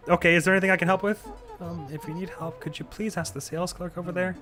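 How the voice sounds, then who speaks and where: A man voicing a shy young female hedgehog shopkeeper, soft and timid. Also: high voice, fairly even intonation, quick pace, soft background music, pitched above the performer's own voice.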